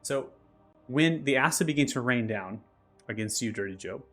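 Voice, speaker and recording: A man acting as game master, calmly narrating the action and explaining rules step by step. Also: mid-range voice, normal speed, soft background music. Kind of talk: narrating and ruling a tabletop game.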